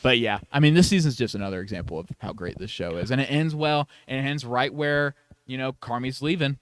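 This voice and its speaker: A young man co-hosting a podcast, chatting casually and excitedly about a TV show, rambling with lots of restarts. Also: mid-range voice, fairly quick, clear, resonant tone, no room sound. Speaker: podcast co-host. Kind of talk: casual TV review chat.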